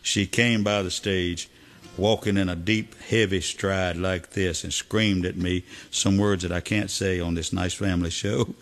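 A man's voice: deep voice, steady tone, normal speed. A man, a singer and guitarist hosting a live music stream, telling a story between songs in a folksy, chuckling way. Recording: with loud guitar music behind.

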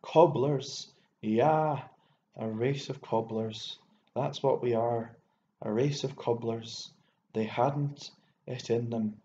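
A man's voice: mid-range voice, fairly even intonation, takes it slowly, close to an everyday voice. A man doing a wheezing, scornful old Irish landowner. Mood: furious. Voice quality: wheezing, scornful, bursts into shouting. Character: hot-tempered bitter old male landowner, drinking. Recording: dull lo-fi with faint hiss.

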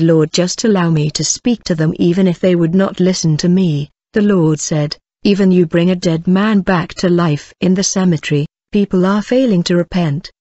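A woman recounting a religious testimony in an earnest, steady storytelling manner. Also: on the low side, dry recording. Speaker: testimony narrator. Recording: dull lo-fi dry recording.

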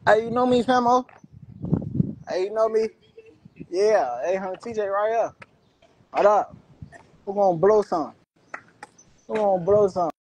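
A man's voice: sits high, slow, pauses often, slight background noise, low-quality recording. A young man talking loosely into his phone on a livestream, taunting viewers in brash street slang. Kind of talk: casual livestream talk.

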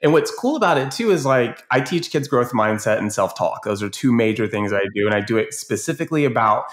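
A man who works as an educator, talking casually as a podcast guest and telling animated stories from his teaching. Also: mid-range voice, a little fast. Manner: animated storyteller, acts out voices in anecdotes. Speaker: educator and youth advocate guest.

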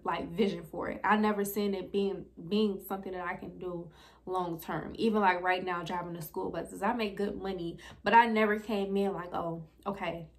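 A young woman talks straight to her viewers from home. She is chatty and expressive, with a voice of middling pitch, and she talks into her camera the way she would with friends. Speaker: vlogger. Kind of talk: casual vlog chat.

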